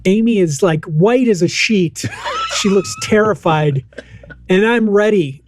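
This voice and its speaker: A man in his thirties co-hosting a casual podcast, telling a family story with lively acted-out quotes. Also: high-pitched, a little slow, shouting, background noise. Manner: animated storyteller, acts out quotes. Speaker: podcast co-host.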